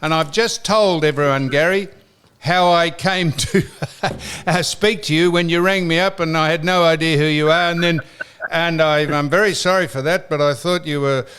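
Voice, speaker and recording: Australian man, fairly high voice, yarning. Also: moderate pace, clear, resonant tone. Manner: animated storyteller who acts out both sides of a phone call; swears freely and laughs between lines. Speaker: podcast host. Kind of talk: casual podcast chat.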